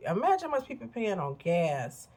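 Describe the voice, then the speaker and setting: With a medium-pitched, somewhat mellow voice that swings hugely in pitch at a moderate pace, a woman vlogger in her fifties from Illinois, USA, talks to her viewers. It's a candid, blunt, casual motivational monologue full of chatty asides.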